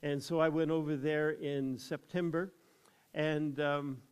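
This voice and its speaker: A man's voice: on the high side, fairly even intonation, measured pace, clean tone. An older man with an American accent, a pastor preaching a sermon. He tells his story unhurriedly, then builds into emphatic preaching.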